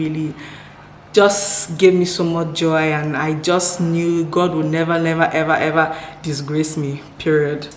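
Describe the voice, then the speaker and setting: Young Nigerian-born woman, low voice, upbeat Q&A vlogger, roomy echo. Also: a little hiss or hum. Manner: upbeat, repeats words for emphasis, laughs often. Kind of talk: casual Q&A chat to camera. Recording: echoey room with faint ambience.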